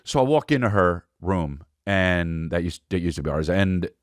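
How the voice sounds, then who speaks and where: A man hosting a podcast, telling a rambling comic story in a profane, animated way. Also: low-pitched, normal speed, no room sound, clean studio sound. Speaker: podcast host. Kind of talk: comedic storytelling.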